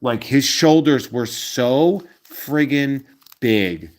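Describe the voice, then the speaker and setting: A man in his forties chats casually with his viewers as the host of a trading card show. He rambles from one story to the next with plenty of ums and uhs, in a middle pitch. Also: lively intonation, very slow, a little mellow. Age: 40s. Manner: rambling, chatty storytelling with many fillers. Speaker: card collecting channel host.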